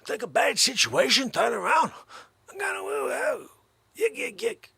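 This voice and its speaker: A man's voice: huge pitch swings, normal speed, vocal fry, pushed and bright, breathy edge, no echo, full character voice. A man putting on a shrieking woo-hoo fanatic. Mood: manic. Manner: shrill, yelping. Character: shouting overexcited man cheering woo-hoo.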